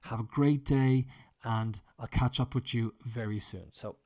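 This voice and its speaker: A man's voice: mid-range voice, fairly even intonation, unhurried, warm tone. A man teaching an English lesson, explaining vocabulary with example sentences in a chatty way. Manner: chatty, with frequent fillers and restarts.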